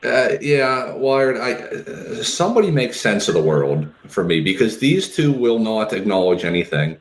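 A male co-host in casual chat who sounds incredulous and exasperated. His voice sits a little low, and the room around him is echoey. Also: big pitch swings, moderate pace.

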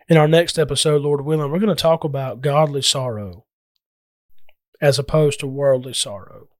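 Brief: man preaching, earnest and emphatic, a bit high-pitched, dry close sound. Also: no echo. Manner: earnest, emphatic scripture reading. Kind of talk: Bible lesson sermon.

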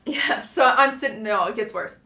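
A young woman co-hosting a podcast, telling a casual story in an animated way and acting out the quoted lines. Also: a little high, normal speed. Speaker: podcast co-host. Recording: roomy, echoey sound.

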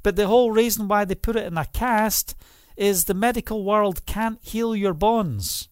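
An earnest man preaching a livestream sermon, his voice sitting a little high. He pleads with the listener and fills his talk with "you know". The room is dry and close. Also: moderate pace, clear, resonant tone, dry recording. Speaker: pastor.

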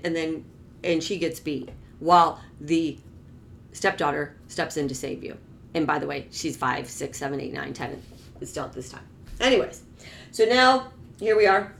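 Woman with a low, gravelly voice; rambling personal storyteller with restarts and indignant asides. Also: fairly bright tone, slight background noise. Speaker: storyteller recounting her childhood.

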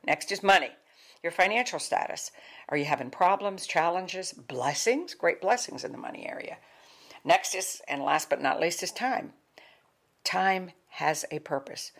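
Older female wellness speaker, low voice, emphatic, repeats key points like a coach. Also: animated, moderate pace. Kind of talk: motivational talk.

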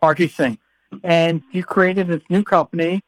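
A playful male podcast host with a fairly high voice, trading jokes and stumbling over repeated words. The sound is close and dry, with no room echo around him. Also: steady tone, measured pace. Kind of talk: casual banter.

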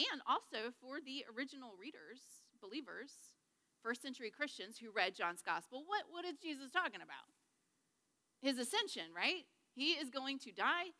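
Bright-voiced woman teaching Bible study. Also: high voice, big-room sound. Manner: chatty, jokey, checks in with the group. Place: large room with a group.

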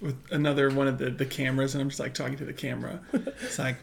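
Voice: mid-range voice, fairly even intonation, quick pace, creaky. A player in a tabletop game describing their character's talking-head moment to camera. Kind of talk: tabletop role-play.

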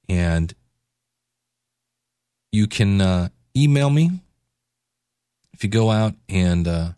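A man's voice: sits low, a little mellow, no echo, studio quality. A man hosting a podcast, giving a casual devotional talk in a laid-back, conversational way with slangy asides. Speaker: podcast host.

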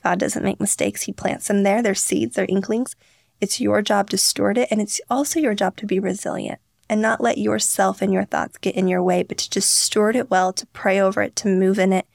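An earnest young woman tells stories on a podcast, slipping into quoted voices as she goes. Her voice carries a gravelly fry. The sound is dry and close. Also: medium pitch, fairly even intonation, a little fast, darkish tone, no echo. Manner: earnest, storytelling, acts out quotes. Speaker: podcast guest, founder. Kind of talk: candid interview talk.

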